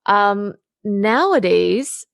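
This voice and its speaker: A woman's voice: medium pitch, animated, extremely slow, creaky, dry recording, clean studio sound. A woman hosting a casual interview podcast who laughs often and jumps in to steer the talk. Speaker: podcast host.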